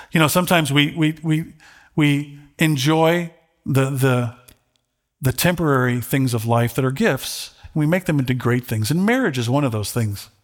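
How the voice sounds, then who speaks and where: A middle-aged man preaching a sermon, earnest and halting, holding back tears, his voice lifting when he reads scripture aloud. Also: medium pitch. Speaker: pastor.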